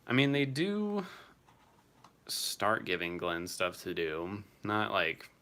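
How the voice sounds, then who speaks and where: Young guy streaming and reading chat, bright crisp voice, kinda low pitched, swears casually. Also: wildly swooping pitch, slow. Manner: chatty, answers viewers by name, swears casually.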